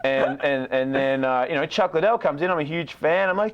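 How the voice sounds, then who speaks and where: A man's voice: on the high side, fairly quick, muffled recording. A man telling a wild anecdote in a casual, profane way, often laughing as he goes.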